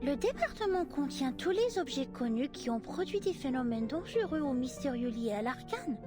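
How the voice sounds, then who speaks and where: Picture an eager young archivist in a video game. Her voice sits high and swoops with animated, lilting French phrasing. Clear game music plays underneath her. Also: brisk. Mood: inquisitive. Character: curious young woman archivist, eager and inquisitive. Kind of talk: game voice acting.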